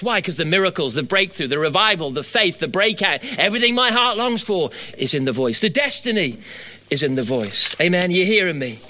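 Middle-aged guy preaching, high bright voice, gets fired up then goes quiet for stories. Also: lively intonation, a little fast. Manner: builds to fervent, high-pitched exhortation, then drops to quiet storytelling. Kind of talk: sermon.

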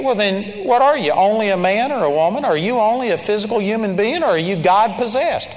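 A man's voice: sits high, lively intonation, brisk, hardly any pauses. A man preaching a sermon in an emphatic way, sometimes mimicking timid, pleading prayers. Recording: long hall reverb.

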